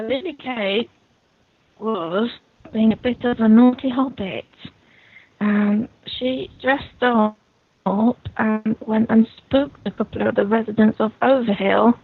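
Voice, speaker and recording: A woman's voice: fairly high pitch, no echo. A woman guest on a casual podcast who is playful and cheeky as she tells a story over an online call. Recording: thin phone-like call audio.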